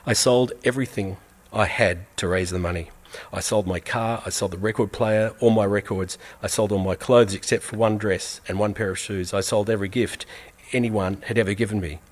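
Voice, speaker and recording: Brief: man, fairly deep voice, earnest measured storytelling read aloud. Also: steady tone. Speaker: reader. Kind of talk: reading a first-person story aloud.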